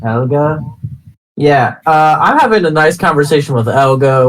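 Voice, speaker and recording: A man's voice: a little high, big pitch swings, slow, long pauses, a little hiss or hum, poor audio. A man playing a tabletop role-playing game in character, joking playfully. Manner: playful and jokey, with frequent laughs and restarts.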